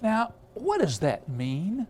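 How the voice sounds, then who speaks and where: A man's voice: high-pitched, huge pitch swings, takes it slowly, darkish tone, a little hiss or hum. A man preaching a storytelling sermon, rambling with many filler sounds and restarts.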